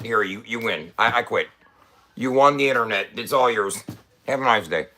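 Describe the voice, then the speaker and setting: Swearing often and coughing between lines, a middle-aged man who founded a website rants casually and profanely to camera. He has a mid-range, bright, forceful voice at a moderate pace.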